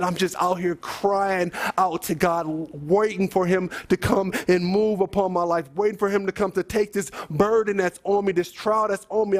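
A man preaching a sermon as a pastor, talking in a conversational way with many rhetorical questions and rising to emphatic peaks. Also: high-pitched.

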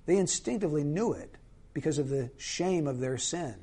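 High-voiced man preaching earnestly. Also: animated, mellow, breathy edge. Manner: earnest, emphatic preaching with slow, stressed phrases. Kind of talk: sermon.

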